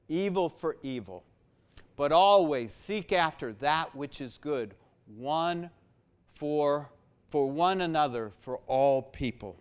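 A man's voice: on the high side, clean tone. A man preaching a sermon to his church, repeating words for emphasis and building in force. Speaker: pastor.

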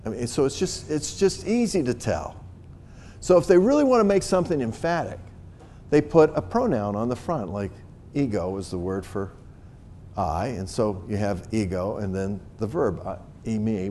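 Lively, earnest preaching man. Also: medium pitch, a little hiss or hum. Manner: earnest, builds to emphatic peaks; frequent restarts and repeated words. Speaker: pastor. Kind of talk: sermon.

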